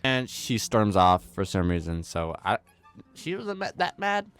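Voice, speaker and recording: A man's voice: fairly low pitch, huge pitch swings, a little slow, a bit bright, clear, resonant tone. Slangy young man riffing on a horror episode. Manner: slangy, rambling, wisecracking. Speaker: commentary host. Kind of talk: casual recap commentary.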